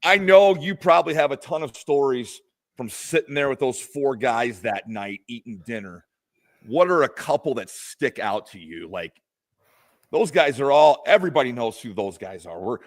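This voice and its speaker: A man's voice: mid-range voice, expressive, moderate pace. A man co-hosting a wrestling podcast in a studio, asking a guest friendly questions. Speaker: podcast co-host. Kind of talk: casual interview chat.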